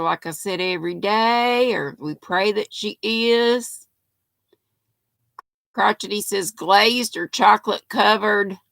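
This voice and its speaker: An older woman from North Carolina, US, hosts a casual livestream, reading viewers' comments aloud in a chatty, folksy way. Her medium-pitched voice is gravelly with a sharp tone, captured on a dry recording.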